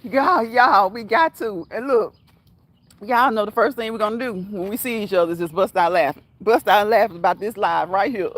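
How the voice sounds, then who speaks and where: A woman's voice: medium pitch, moderate pace, no echo. A woman hosting a casual livestream, reading chat comments aloud and laughing often until she cries. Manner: laughs often until crying, talks straight to viewers.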